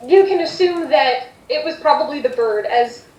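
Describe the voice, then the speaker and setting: High-voiced woman game master. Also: animated, moderate pace, a little mellow, echoey room, distant mic, poor audio. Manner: hesitant, full of fillers and restarts. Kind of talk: narrating a tabletop game.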